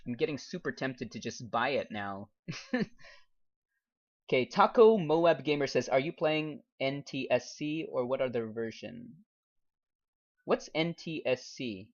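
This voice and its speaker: Expressive and unhurried, pausing often, this young American speaks in a mid-range voice as he chats casually during a gaming live stream. A game streamer and English teacher, he reads viewer comments aloud and laughs frequently, recorded in dull lo-fi stream audio.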